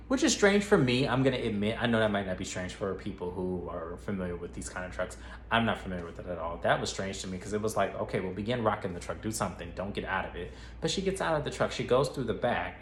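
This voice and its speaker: A man's voice: lowish voice, a little hiss or hum. A man casually retelling a film plot as a movie reviewer, chatty and profane, talking straight to his viewers. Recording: roomy echo, faint ambience.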